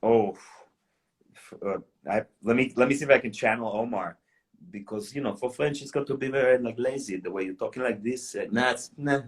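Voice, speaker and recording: A young adult man, an actor and dialect coach, chatting in a relaxed, playful way on a live video stream. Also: mid-range voice, fairly quick. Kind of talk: casual live-stream chat. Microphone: phone on a live video stream.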